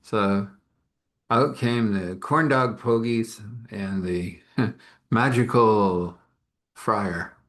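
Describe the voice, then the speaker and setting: A man with a lowish voice telling a story off the cuff. He rambles, adds chatty asides and talks to the listener as he goes. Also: drawn-out words, fairly bright tone. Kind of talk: casual improvised story narration.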